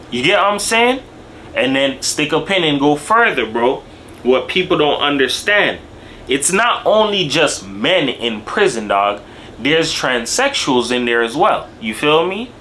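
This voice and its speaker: Young man, lively up-and-down delivery, bright forceful tone, casual street-slang commentary. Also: a little high, unhurried, slight background noise. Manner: animated street-slang talk, tags lines with "bro" and "dog". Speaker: video commentator.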